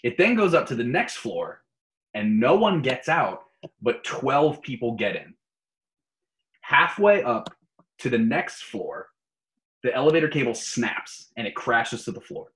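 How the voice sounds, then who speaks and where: Man, podcast co-host, lively pitch, playful quiz-giver. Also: measured pace, poor audio. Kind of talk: casual podcast chat.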